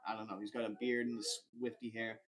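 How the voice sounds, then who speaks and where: A young man hosting a podcast, telling a rambling, animated anecdote full of fillers and swearing. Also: on the low side, quick pace. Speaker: podcast host. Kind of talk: casual storytelling.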